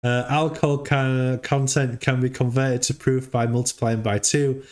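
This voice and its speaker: A man hosts a casual livestream in a mid-pitched voice. He rambles, stumbles over repeated words and keeps his chat loose and chatty. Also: flat delivery, moderate pace. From United Kingdom. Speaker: livestream host.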